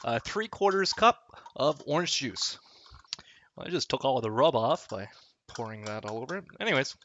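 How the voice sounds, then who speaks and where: A man's voice: medium pitch, very animated, normal speed, bright, forceful tone, muffled recording, slight background noise. A man, chatting casually through a home cooking vlog, rambling and poking fun at himself. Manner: self-deprecating, joking, rambling. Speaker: cooking vlogger. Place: home kitchen.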